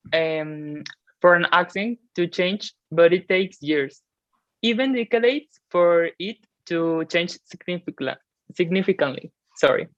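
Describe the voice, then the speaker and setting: A woman's voice: lowish voice, no echo. A woman interviewing classmates, reading her questions carefully with small restarts. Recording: dull lo-fi recording.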